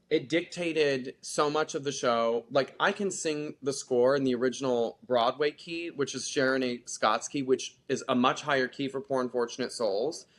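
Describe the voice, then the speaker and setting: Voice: mid-range voice, a little hiss or hum. Chatty theater actor full of "like". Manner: chatty, animated, lots of filler "like". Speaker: theater actor, podcast guest. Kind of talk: casual interview chat.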